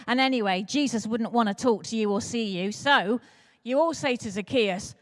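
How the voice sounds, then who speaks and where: A woman preaching at an all-age church service, telling a story in a playful, animated way and speaking directly to the children. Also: a little high, moderate pace. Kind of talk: lively storytelling sermon for children and adults.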